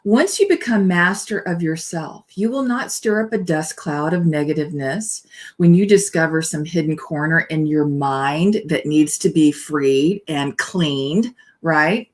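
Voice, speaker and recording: A woman's voice: deep voice, measured pace. A woman minister giving a conversational spiritual talk, chatty and digressive, often adding "you know" and "right?" as she reads aloud from a book with asides.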